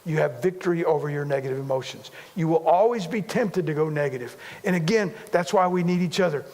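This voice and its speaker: A man's voice: a little high, brisk, darkish tone, long reverb tail. A man preaching a sermon as a pastor, talking conversationally, repeating himself and poking fun at himself. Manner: conversational, repetitive, self-deprecating humor.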